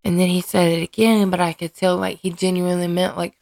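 A woman's voice: on the low side, steady tone, fairly quick, gravelly, darkish tone, dry recording. A woman hosting her own podcast, talking candidly and hesitantly about her life, often restarting and searching for words. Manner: earnest and emotionally open. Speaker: podcast host and mother. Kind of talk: candid personal podcast monologue.

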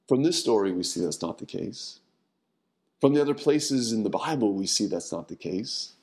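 A man reading a Bible passage and giving an earnest devotional sermon, slowing down and lowering his voice at key points. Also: lively intonation, darkish tone. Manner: repeats words when starting phrases. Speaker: preacher.

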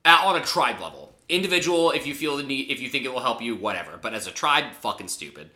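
A man's voice: mid-range voice, very animated, quick pace, bright, forceful tone. A man co-hosting a podcast, chatting casually and emphatically, swearing freely as he argues his points. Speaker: podcast co-host. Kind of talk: casual chat recapping a reality show.

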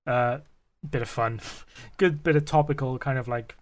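A young man chats into a podcast mic, circling his points with lots of "like" and "um", laughing as he goes. His voice sits at an ordinary middle pitch. He is loose and profane, an easygoing film-chat co-host. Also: moderate pace. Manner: rambling, laughs often, swears casually.

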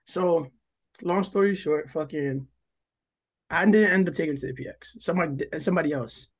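A young New Jersey man co-hosting a casual podcast spins a long, meandering story at normal speed, his slightly high voice carrying a husky grain. He swears often, says "like" and "yo" constantly, and acts out quoted lines with sudden jumps in delivery.

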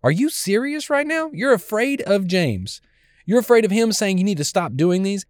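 A man's voice: high voice, big pitch swings, normal speed, dry recording, clean studio sound, pitched above the performer's own voice. A man preacher voicing a furious adult male apostle who scolds a friend in exasperation.

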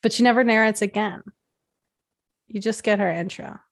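In casual chat, a woman reviews a TV series, thinking aloud and saying "like" a lot. Her creaky, mid-range voice is fairly even in intonation and moderate in pace.

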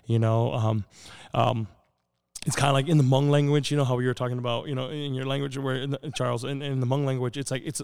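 A man's voice: medium pitch, level tone, fast, creaky, darkish tone, clean tone. A man guest on a podcast, telling a personal story in an earnest, rambling way with lots of fillers. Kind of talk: casual storytelling conversation.

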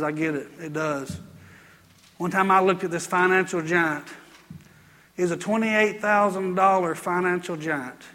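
High, bright-voiced preaching man. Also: big-room sound. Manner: emphatic, repetitive preaching. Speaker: pastor. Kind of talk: sermon. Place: church sanctuary.

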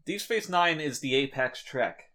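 A man's voice: mid-range voice, animated, measured pace, bright, forceful tone. A man co-hosting a casual comedy podcast, trading crude jokes and banter. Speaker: podcast co-host.

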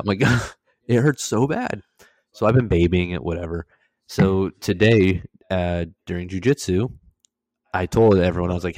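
A man's voice: low-pitched, a little mellow, no echo. A young man co-hosting a podcast, telling stories animatedly, swearing and laughing as he goes. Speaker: podcast co-host. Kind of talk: casual storytelling chat.

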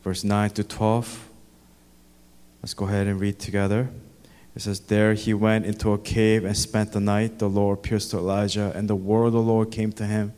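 A man's voice: lowish voice, little pitch movement, normal speed, a little mellow, clear, resonant tone. A male pastor delivering a sermon with an earnest, repetitive preaching cadence, recorded in a church sanctuary. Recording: echoey church hall.

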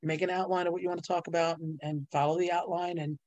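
A middle-aged woman tells stories as a guest in a casual interview. She talks in bursts and laughs often, and her voice leaps higher whenever she reaches a punchline. The sound is dry and close to the mic. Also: level tone, fast talker, a little mellow, no room sound, lo-fi sound. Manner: bubbly storyteller, laughs often, voice jumps up on punchlines. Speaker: guest, ghostwriter and publisher. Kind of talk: animated casual interview talk.

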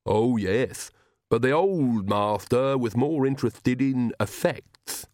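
A man voicing a devoted old male castle servant who speaks slowly and deliberately. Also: medium pitch, a little mellow, no echo, clean studio sound, lightly acted. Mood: plain. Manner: slow, deliberate, matter-of-fact.

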